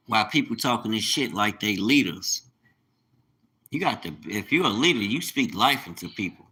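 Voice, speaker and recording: Brief: man, lowish and bright in tone, casual street talk with double negatives and cursing, building to a fervent sermon. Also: low-quality recording. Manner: street-slang talk, swearing, rising into fervent preaching; uses double negatives and informal grammar. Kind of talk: casual monologue turning to preaching.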